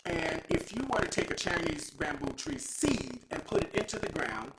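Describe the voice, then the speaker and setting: Animated, high-voiced male host. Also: normal speed, vocal fry. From Texas. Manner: animated, playful, preachy storytelling. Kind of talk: lively live show talk. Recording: echoey room with loud noise.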